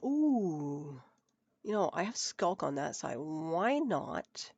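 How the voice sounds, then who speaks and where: A woman's voice: sits low, very animated, slow pace, a little mellow, husky, no echo, highs cut off. A woman streaming a building game, chatting and muttering to herself as she works, her nose stuffed up from a cold. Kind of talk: casual live gameplay commentary.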